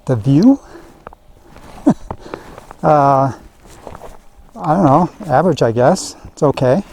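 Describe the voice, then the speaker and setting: A man from Southern California answering a phone call in a slow, laid-back way. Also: fairly high pitch, lively intonation, gravelly, a little mellow, slight background noise.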